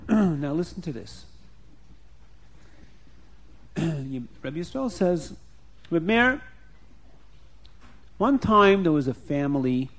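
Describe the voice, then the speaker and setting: A man with a fairly high voice tells a story to an audience of children. He speaks to them directly and slips into playful, rhyming asides.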